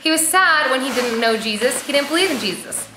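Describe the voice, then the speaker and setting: A young woman leading a preschool church Bible lesson, sing-song and animated, asking the kids questions. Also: high voice, fairly quick. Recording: roomy echo with faint music.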